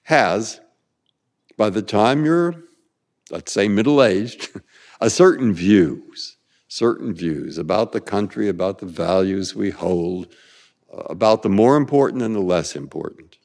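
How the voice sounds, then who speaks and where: A man's voice: on the low side, lively intonation, unhurried, gravelly, darkish tone, big-room sound. A man in his eighties from San Francisco, answering interview questions in a discursive way, repeating words and circling back with asides. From San Francisco, USA. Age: 80s. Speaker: Supreme Court justice, guest.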